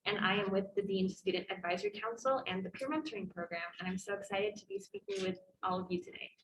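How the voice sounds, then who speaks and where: A woman's voice: medium pitch, fast talker, fairly bright tone. A young woman, a college junior, introducing herself on a panel eagerly and cheerfully. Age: young adult. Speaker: student panelist. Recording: noisy room.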